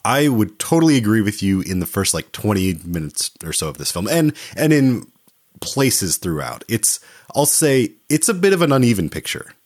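Low-voiced guy rambling about movies, lots of ums and restarts. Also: sing-song, normal speed. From Oklahoma, USA. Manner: hesitant, many restarts and fillers. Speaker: podcast co-host. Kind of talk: casual film discussion.

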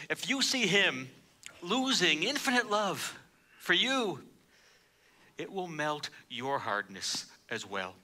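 A high, very bright male voice delivering a sermon. He swings from hushed, low lines to loud, ringing declarations. He leans on repetition to drive points home. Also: very animated, takes it slowly, long pauses. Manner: dramatic preaching, swinging between hushed and loud; repeats phrases for emphasis. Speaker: pastor.

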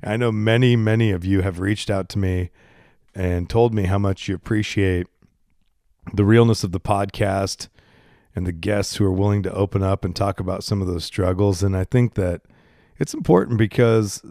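A man's voice: lowish voice, fairly even intonation, moderate pace, warm tone, no room sound, studio quality. A man hosting a podcast alone from his garage, talking casually and candidly into a handheld microphone, a bit congested and rambling. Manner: rambling, candid and self-deprecating. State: congested, coughing and burping. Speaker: podcast host. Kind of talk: casual solo podcast monologue. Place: home garage.

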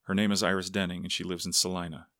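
A man's voice: low voice, level tone, quick pace, sharp tone, no echo, studio quality. A man voicing an anxious, polite young ranch hand. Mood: earnest, uneasy. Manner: polite, says "sir" to elders.

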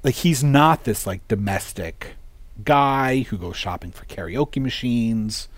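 A man co-hosting a casual talk show, relaxed and halting, retelling scenes of a film. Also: mid-range voice, dry recording. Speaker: podcast co-host.

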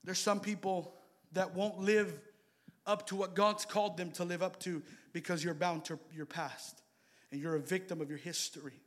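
A man preaching with a high, bright voice. He builds to loud, shouted exhortations, then falls back to quiet, intimate asides. He delivers it as a passionate church sermon.

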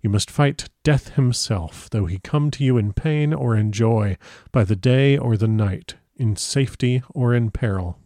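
A man voicing a fatherly old doctor who pleads slowly and solemnly in old-fashioned speech. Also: medium pitch, warm tone, no echo, studio quality, lightly acted. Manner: slow, solemn, archaic and imploring.

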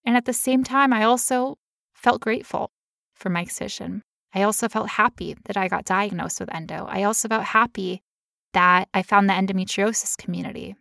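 A woman's voice: medium pitch, a little fast, creaky, sharp tone, dry recording, studio quality. A woman telling a personal story in casual chat, candid and emotional, now and then putting on playful voices.

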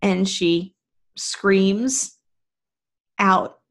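A woman's voice: medium pitch, animated, takes it slowly. A woman playing a tabletop game, narrating her character's actions in a playful way. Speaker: player. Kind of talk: tabletop role-play narration.

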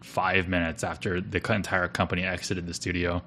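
A young man with a fairly low voice tells a story on a podcast. His delivery is casual and rambling, packed with fillers and restarts. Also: little pitch movement, brisk, fairly bright tone, a little hiss or hum. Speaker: podcast co-host.

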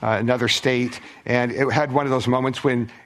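A male pastor delivering a sermon in a church. He talks in a conversational way, often restarting his sentences and acting out quotes in other voices. His pitch sits in the middle. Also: steady tone, a little fast, fairly bright tone.

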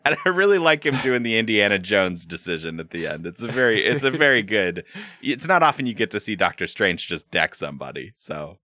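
A man's voice: on the low side, big pitch swings, fairly quick, pushed and bright. A man co-hosting a podcast in loose casual chat, laughing often and swearing freely. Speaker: podcast co-host.

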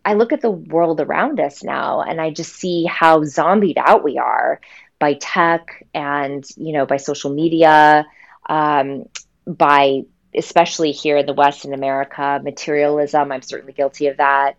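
A woman's voice: deep voice, steady tone, unhurried, highs cut off. A woman author talking earnestly in a podcast interview, with lots of "you know" and "um" fillers. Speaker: author guest. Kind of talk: reflective podcast conversation.

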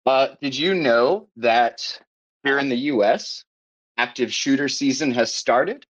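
A man's voice: mid-range voice, slow, a bit bright. A man hosting a podcast in casual chat, sarcastic and profane, riffing loosely as he reads news aloud. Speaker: podcast host. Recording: dull lo-fi podcast audio.

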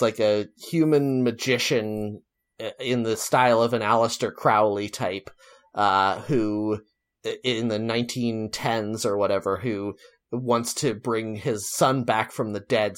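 A man's voice: on the low side, fairly even intonation, unhurried. Rambling opinionated man chatting. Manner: rambling, opinionated, filler-heavy. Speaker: podcast co-host. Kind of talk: casual chat.

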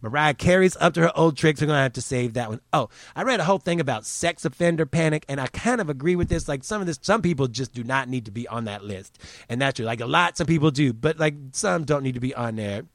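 A man hosting a casual commentary show, animated and crude, mocking the people he talks about. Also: mid-range voice, quick pace, no echo. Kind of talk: casual profane news commentary.

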